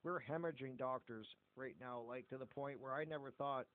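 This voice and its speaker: A man's voice: medium pitch, brisk. Blunt, swearing Canadian man, tinny sound. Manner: blunt, heavy swearing, animated. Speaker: podcast host. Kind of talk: casual podcast chat. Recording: phone-like narrow audio.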